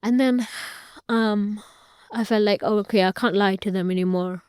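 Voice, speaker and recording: A woman's voice: medium pitch, moderate pace, darkish tone, smooth, no echo, studio quality. A young woman, a guest in an interview, earnestly recounting a personal story and retelling family conversations at length.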